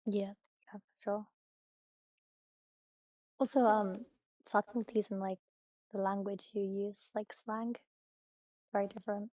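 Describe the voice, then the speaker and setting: A woman with a mellow, dark tone chats casually as a stream guest. She speaks in an even, flat melody and keeps a relaxed, agreeable manner. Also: medium pitch, slow pace, long pauses. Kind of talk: casual chat.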